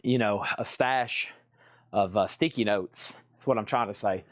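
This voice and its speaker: A man's voice: fairly low pitch, measured pace, no echo, clean studio sound. A man running a live vinyl sale, chatting in a folksy, rambling way and humming bits of songs. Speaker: live-stream record seller. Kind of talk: live sales stream chat.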